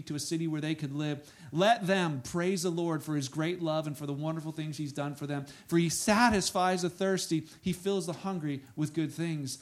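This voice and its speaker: Lively man preaching a sermon. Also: a little high. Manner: lively preaching, swings between soft asides and loud exclamations. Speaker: pastor. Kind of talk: sermon with scripture reading.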